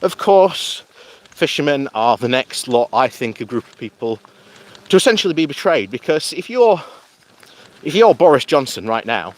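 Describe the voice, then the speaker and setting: A man's voice: mid-range voice, big pitch swings, normal speed. A man giving rambling, casual political commentary while walking outdoors. He often laughs as he talks and films himself on a handheld camera. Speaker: political vlogger. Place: outdoors on a morning walk.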